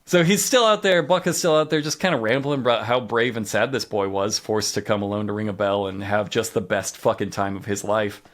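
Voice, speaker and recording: A man's voice: lowish voice, fairly even intonation, a little fast, hardly any pauses. A man co-hosting a comedy podcast, narrating a show recap with sarcastic asides. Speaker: podcast co-host.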